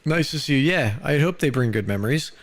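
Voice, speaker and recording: A man's voice: medium pitch, lively intonation, fast talker, no echo. An American man chatting casually on a live stream, loose and rambling, full of "dude" and "like".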